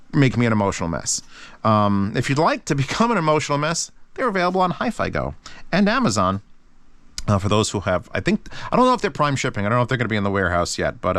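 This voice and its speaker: A man hosting a casual review channel, talking in an excitable, rambling way with lots of swearing. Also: fairly low pitch, clear, resonant tone, no room sound.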